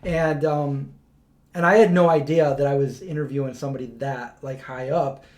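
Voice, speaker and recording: A man's voice: mid-range voice, steady tone, moderate pace, darkish tone. A man hosting a casual live-stream chat, telling rambling stories with many restarts and acted-out quotes. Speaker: host.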